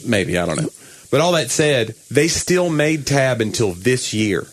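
A man co-hosting a casual talk show, joking around and breaking into loud mock rants. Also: mid-range voice, unhurried, no room sound. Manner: animated, jokey, bursts into loud mock rants. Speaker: comedian co-host. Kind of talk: casual chat.

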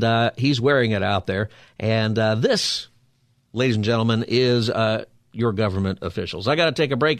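A man's voice: mid-range voice, dry recording. A male radio talk show host in a studio, chatting with callers and preaching in a conversational, upbeat way. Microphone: studio mic.

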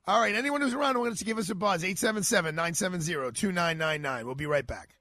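A man's voice: sits high, fast talker, vocal fry, few pauses, no echo, studio quality. A middle-aged man, hosting a talk radio show and telling a story while acting out the voices he quotes. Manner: animated, acts out quoted voices.

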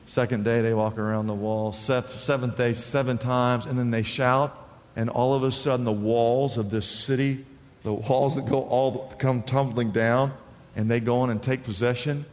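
A man preaching a sermon as pastor, acting out voices with big swings in pitch. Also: moderate pace. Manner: animated, acts out characters with big pitch swings. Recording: long reverb of a large hall.

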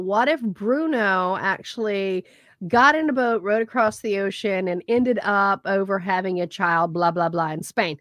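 Podcast co-host, woman, bright higher register, animated chatter, dry close mic. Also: dry recording. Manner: animated, chatty, laughs often. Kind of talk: casual chat.

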